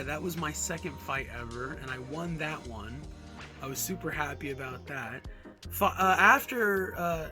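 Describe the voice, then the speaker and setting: A young man from Alaska, casually telling a storytime, animated and swearing, acting out punches with sound effects. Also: a little high. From Alaska, USA. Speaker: vlogger.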